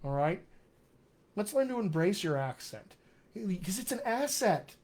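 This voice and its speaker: A man coaching accents live, talking straight to his viewers and reading their comments aloud. His voice sits a little high for a man, and he drives points home by repeating them warmly. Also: sing-song, a little slow. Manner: encouraging, emphatic repetition. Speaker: dialect coach. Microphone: webcam or computer mic.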